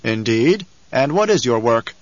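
A man's voice: mid-range voice, very animated, a little slow, no echo, highs cut off. A man voicing a confident nobleman in an audiobook, firm and probing in how he talks. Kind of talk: audiobook character reading.

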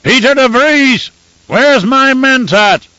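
A man's voice: on the low side, normal speed, a bit bright, no echo, pitched below the performer's own voice, close to an everyday voice. A man doing a bloated, imperious villainous baron. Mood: bellowing. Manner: brusque, commanding, bellowing orders. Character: bloated cruel imperious male baron, middle-aged. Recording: dull lo-fi dry audiobook recording.

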